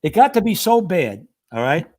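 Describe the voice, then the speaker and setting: Speaking in a high-pitched voice at a moderate pace, this middle-aged former fire lieutenant shares casual stories as a podcast guest. He's animated and plays the characters in his tales.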